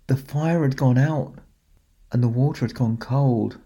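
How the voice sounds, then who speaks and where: A man telling a children's story in a gentle, expressive way, with dramatic pauses. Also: mid-range voice, slightly rough. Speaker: storyteller in a Santa persona.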